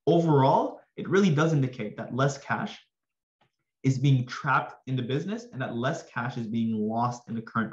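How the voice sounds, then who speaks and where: A man walks students through a finance topic in a loose, upbeat way, tossing in slangy asides as he explains. His voice is slightly hoarse, as if he is losing it. The recording sounds roomy and a little dull. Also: medium pitch. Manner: energetic, addresses viewers with slangy asides. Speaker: finance tutor. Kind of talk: casual exam-prep lesson.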